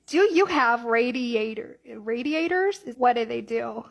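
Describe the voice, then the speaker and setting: A woman asking clueless questions, padding them with filler words. Her voice sits a little high. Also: expressive, unhurried, creaky. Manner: naive, questioning, filler-heavy. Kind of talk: casual social media questions.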